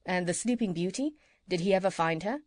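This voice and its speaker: A woman reading an audiobook and voicing a kind, curious male doctor with polite, gentle questions. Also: fairly low pitch, expressive, fairly quick, dry recording, natural voice. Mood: inquiring. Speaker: audiobook reader.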